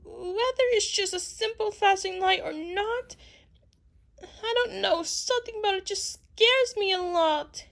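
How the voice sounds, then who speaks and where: A woman's voice: very high voice, measured pace, creaky, a bit bright, heavily acted. A woman voicing a small, frightened child in a homemade cartoon, talking in a fretful, stammering way. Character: small scared child, Nina.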